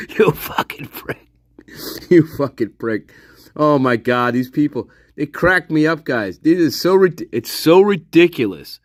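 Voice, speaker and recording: A man's voice: fairly high pitch, dry recording, clean studio sound. A man hosting a casual livestream, sarcastic and profane, laughing often as he mocks. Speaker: livestream host.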